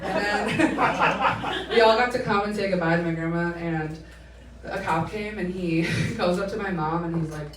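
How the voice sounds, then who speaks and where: A woman in her twenties performing a stand-up comedy set, telling stories in an animated way and acting out the voices of the people in them. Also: on the low side, a little slow, pauses often, a little hiss or hum. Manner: animated storytelling that acts out quoted voices, laughing between lines. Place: comedy club stage. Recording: roomy live club sound, mic at a distance, loud audience.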